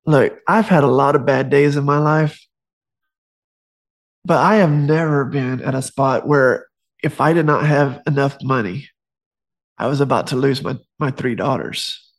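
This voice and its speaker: A Christian author and speaker gives a casual faith talk, conversational and prone to digressions, reading passages from his own book and tossing in joking asides. His voice is mid-range and his pace measured.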